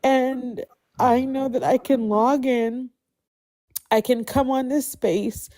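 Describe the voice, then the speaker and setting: A woman's voice: high-pitched, steady tone, takes it slowly, mellow. Emotional woman thanking a live stream host. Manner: emotional, grateful, rambling with many restarts. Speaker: guest speaking on a live stream. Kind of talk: heartfelt casual chat.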